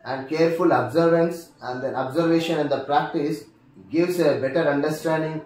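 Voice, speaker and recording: A man with an Indian English accent teaching a lesson on word stress, speaking deliberately and repeating each example word. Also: fairly high pitch, fairly even intonation, darkish tone. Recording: echoey room, distant mic.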